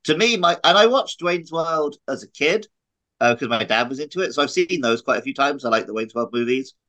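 A man in his thirties talks over a movie in relaxed podcast chat. His pitch sits at a typical middle level. He laughs easily and pokes fun at his co-hosts. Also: fairly quick, rough recording. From United Kingdom. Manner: chatty, laughs often, teasing. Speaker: podcast co-host. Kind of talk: casual chat.

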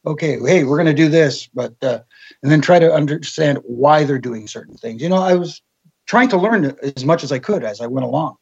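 A man with a husky, slightly high voice chats casually as an interview guest. He tells anecdotes and acts out the voices of people he quotes. The recording sounds dull and lo-fi. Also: a little fast, a little mellow. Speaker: guest, former wrestling referee.

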